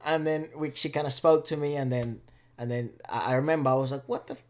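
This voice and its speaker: A young man, a native Spanish speaker, co-hosting a reaction video and telling a school story in a casual, animated way, swearing freely and laughing often. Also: mid-range voice, fairly quick.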